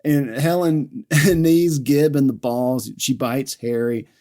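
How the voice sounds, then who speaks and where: A man's voice: medium pitch, takes it slowly. A man hosting a podcast, casually retelling a movie and laughing often. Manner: animated storytelling, laughs often. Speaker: podcast host recapping a movie. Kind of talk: casual chat.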